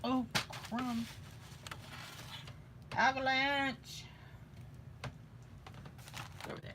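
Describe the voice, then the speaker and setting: Woman vlogger, slow and gravelly, rambling chat, faint noise behind. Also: medium pitch, bright, forceful tone. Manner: rambling, chatty, thinks aloud. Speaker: vlogger showing beading crafts. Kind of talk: casual chat.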